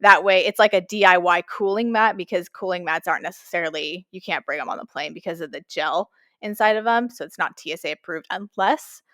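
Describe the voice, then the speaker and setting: A woman co-hosting a podcast, telling an animated story in casual chat, with lots of fillers. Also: on the low side, a little fast, no room sound, studio quality. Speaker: podcast co-host.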